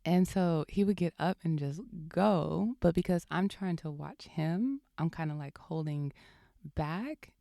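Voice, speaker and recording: A woman's voice: low-pitched, a little slow, gravelly, mellow, no echo, studio quality. A young woman hosting a podcast, casually telling a story and often laughing as she talks. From California. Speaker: podcast host.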